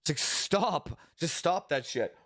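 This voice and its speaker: A man's voice: on the high side, lively intonation, takes it slowly, fairly bright tone, no echo, studio quality. A young man streaming, chatting casually and ranting with lots of swearing and exasperation.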